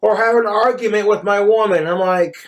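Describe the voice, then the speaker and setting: A high-pitched man rambles through a crude, profane livestream monologue. He tells his jokes in a put-on mock Cockney accent. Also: a little fast.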